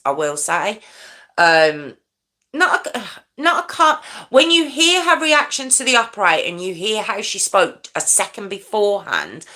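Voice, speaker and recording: Low-voiced woman telling true crime. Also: bright, forceful tone. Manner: conversational, checks in with listeners often. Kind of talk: casual true crime storytelling.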